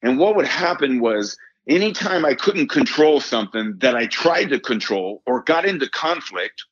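A man's voice: mid-range voice, animated, moderate pace, husky, dry recording, muffled recording. A middle-aged man telling a personal story as a podcast guest, earnest and emphatic, often repeating phrases and saying "man". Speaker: guest, performance coach and former pitcher.

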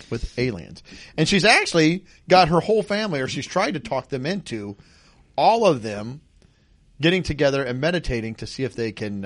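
A man's voice: mid-range voice, no room sound. A man hosting a casual radio-style talk show, reading news stories aloud with jokey asides.

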